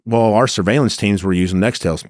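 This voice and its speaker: A man with a lowish voice swaps undercover stories on a podcast in a laid-back, salty way. The sound is dry and close, straight into a studio mic. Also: a little fast, no echo. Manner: laid-back, swearing, acts out quoted voices. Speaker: former undercover officer, guest. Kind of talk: casual storytelling.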